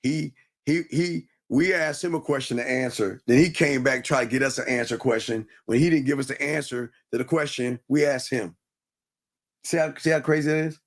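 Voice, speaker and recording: Blunt animated male call-in host. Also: medium pitch, fairly quick. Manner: blunt, animated, repeats himself. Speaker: livestream co-host. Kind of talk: casual live call-in chat.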